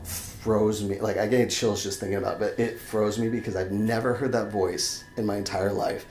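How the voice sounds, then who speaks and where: A young adult man, a podcast guest, telling a story in casual chat, animated and swearing freely, acting out his own shouts. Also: fairly low pitch, normal speed. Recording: echoey room, faint background noise.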